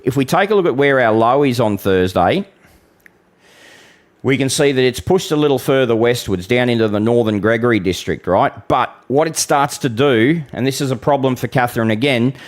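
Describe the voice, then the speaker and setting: A man's voice: mid-range voice, lively intonation, moderate pace. An Australian man hosting a live weather stream, talking bluntly and chattily to viewers, calling them mate. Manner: occasional mild swearing. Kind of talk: casual live-stream forecast with audience Q and A.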